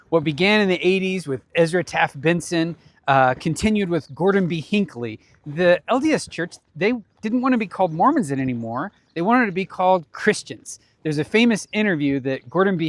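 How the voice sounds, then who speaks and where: A man's voice: on the high side, dry recording. A man presenting for a ministry foundation, giving a casual explanatory talk outdoors on a mountain trail, conversational and chuckling now and then. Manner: conversational, with frequent small chuckles.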